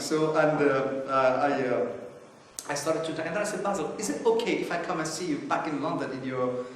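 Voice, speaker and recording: In an echoey conference hall, picked up by a distant mic with slight hiss or hum, a man with a somewhat high voice gives informal opening remarks at a brisk clip. He's rambling and anecdotal, restarting often and leaning on fillers.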